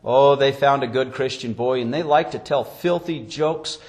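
A man preaching a sermon as pastor, telling stories and acting out quotes, with sharp rises and drops in his voice. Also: medium pitch, moderate pace.

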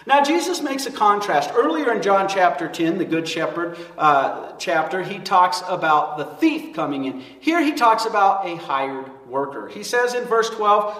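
Male pastor, emphatic sermon, high and expressive, echoing church hall. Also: normal speed, few pauses. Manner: emphatic, animated preaching. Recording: echoey church hall from far off.

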